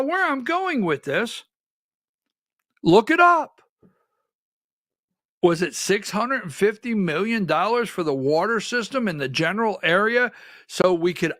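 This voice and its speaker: Man, high voice, folksy political talk host who leans on rhetorical questions; dry close mic. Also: sharp tone, no room sound. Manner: folksy and rhetorical, asks repeated questions and quotes others. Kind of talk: livestream commentary, talking to listeners.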